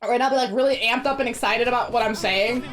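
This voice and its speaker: Chatty woman streamer with a higher voice. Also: fast talker, a bit bright. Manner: rambling, chatty, laughs often. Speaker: game streamer. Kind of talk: casual chat while gaming.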